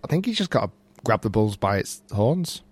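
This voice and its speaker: A man's voice: lowish voice, sing-song, moderate pace, no room sound. A man hosting a golf podcast, chatty and easily flustered, laughing often. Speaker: podcast host. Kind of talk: casual podcast chat.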